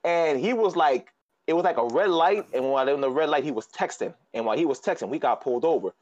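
A man from New York telling an anecdote quickly in a casual podcast chat. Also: on the high side, expressive, a little mellow, no echo, dull audio. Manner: rapid anecdotal storytelling. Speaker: podcast co-host.

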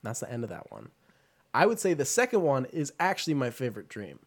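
A man co-hosting a podcast, retelling a film in a loose, rambling way full of fillers and quick put-on voices. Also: mid-range voice, sing-song. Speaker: podcast co-host. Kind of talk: casual movie chat.

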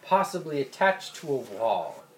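A man's voice: medium pitch, wildly swooping pitch, unhurried, poor audio. A man playing a tabletop game, teasing the game master and playfully insistent. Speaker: player. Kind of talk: casual tabletop play.

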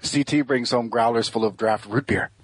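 A man's voice: medium pitch, normal speed, breathy edge. A man with a cold on a casual podcast, cracking crude, profane jokes. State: has a cold. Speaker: podcast co-host.

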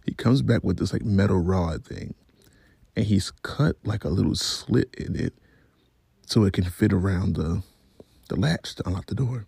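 A man's voice: on the low side, animated, a little slow, creaky, darkish tone, husky, no room sound. A man vlogger telling a story about his week in a casual, profane, rambling way.

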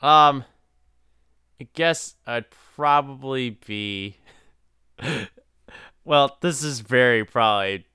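A man's voice: mid-range voice, drawn-out words, long pauses, bright, forceful tone, clear, resonant tone, no echo, studio quality. A young man co-hosting a podcast, chatting casually, laughing often and stumbling over his words. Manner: laughs often, stammering restarts. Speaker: podcast co-host. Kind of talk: casual chat.

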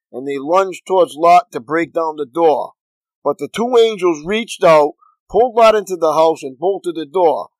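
A pastor reading scripture aloud in a steady, earnest manner. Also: male voice, a little high, moderate pace, no echo, poor audio.

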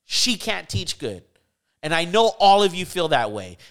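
A man telling a story in casual chat on a podcast, acting out the people he quotes with sudden jumps in his voice. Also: a little slow. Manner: animated storyteller, acts out quotes with pitch jumps.

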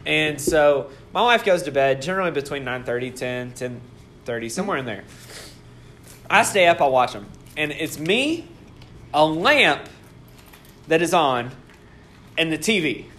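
A man's voice: fairly high pitch, measured pace, pauses often, slight background noise. A man co-hosting a podcast, telling a story in casual chat with lots of laughter. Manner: animated storyteller, laughs often. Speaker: podcast co-host.

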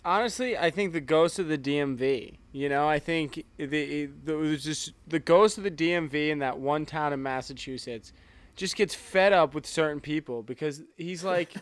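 A man with a fairly high voice co-hosts a casual podcast. His reactions are emphatic and heavy on swearing, and he dramatizes every moment. The recording is dry and close, with no room sound. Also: moderate pace, clean tone, dry recording. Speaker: podcast co-host.

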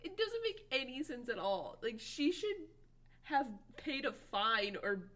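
A woman's voice: high voice, big pitch swings, unhurried, fairly bright tone. A woman in casual chat, wry and chatty, adding facts and jokes.

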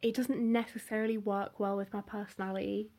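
Husky young woman, reflective. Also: mid-range voice, level tone, fairly quick, darkish tone. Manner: reflective, hesitant, trailing phrases. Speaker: session bassist guest. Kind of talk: casual podcast interview.

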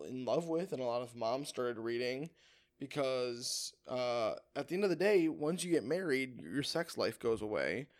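A man's voice: medium pitch, expressive, normal speed. A young man co-hosting a podcast, rambling playfully and teasing his co-host with tangents. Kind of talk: casual chat.

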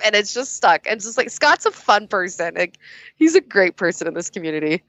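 A woman's voice: on the high side, animated, a little fast, a bit bright, dry recording, muffled recording. A woman being interviewed as a guest judge, talking candidly, laughing often and swearing casually.

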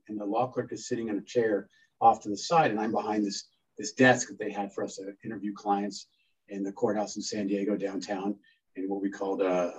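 Husky-voiced lawyer in his fifties, telling stories. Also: fairly low pitch, distant mic, rough recording. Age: 50s. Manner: earnest, anecdotal, animated when quoting himself. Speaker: criminal defense lawyer. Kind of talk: reflective storytelling talk.

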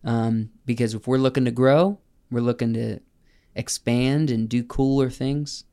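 A young man co-hosts a casual podcast, his voice carrying a gravelly edge. He rambles through announcements, cuts in on his friends and laughs easily. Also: mid-range voice, steady tone, measured pace, dark tone. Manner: rambling, laughs often, jumps in over others. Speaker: podcast co-host. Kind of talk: casual chat.

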